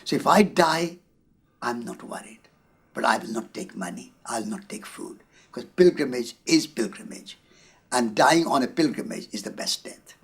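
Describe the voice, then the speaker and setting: Animated, slightly husky Indian man storytelling. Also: mid-range voice, normal speed. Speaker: interview guest. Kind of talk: reflective storytelling.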